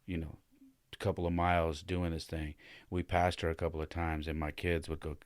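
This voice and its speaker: A podcast host and father with a low, deep voice shares a personal story casually. He talks at a moderate pace with a smooth delivery, loose and chatty, full of fillers, stops, and restarts. The audio is dry, with no room echo.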